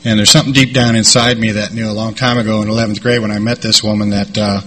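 Husky middle-aged man telling his story. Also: on the low side, level tone, a bit bright. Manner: rambling, halting delivery with repeated "and, uh". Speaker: speaker sharing a recovery story. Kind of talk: personal storytelling talk.

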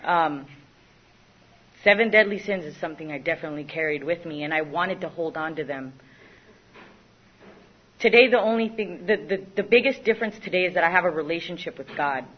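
A woman's voice: fairly low pitch, fairly quick, long pauses, husky. A young woman giving a candid, self-mocking personal recovery testimony, often stopping and restarting her sentences. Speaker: recovery speaker. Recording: dull lo-fi recording.

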